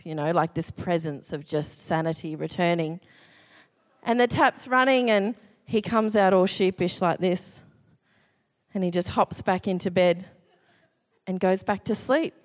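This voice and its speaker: A woman in her thirties telling a funny personal anecdote in an animated, self-deprecating way. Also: mid-range voice. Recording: long hall reverb.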